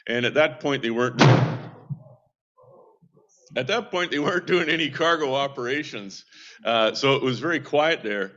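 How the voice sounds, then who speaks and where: A man's voice: mid-range voice, normal speed, long pauses, sharp tone, muffled recording. A man who works with a seamen's mission, giving a casual update in a rambling, anecdotal way with frequent restarts.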